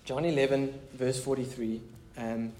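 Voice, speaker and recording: A man's voice: mid-range voice, fairly even intonation, measured pace, dark tone, a little hiss or hum. Man, pastor, casual conversational sermon, chatty asides, echoey room, faint background ambience.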